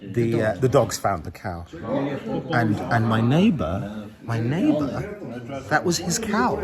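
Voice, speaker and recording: A man's voice: medium pitch, animated, slow. A man chatting in a casual vlog from a busy village shop, amused and rambling. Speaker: vlogger. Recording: loud crowd chatter behind.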